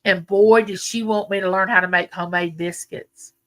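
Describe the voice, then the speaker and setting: A woman's voice: mid-range voice, fairly even intonation, moderate pace, a bit bright. An older woman, chatting folksily with viewers on her live stream and reminiscing as she goes. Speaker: livestream host. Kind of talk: casual live chat with viewers.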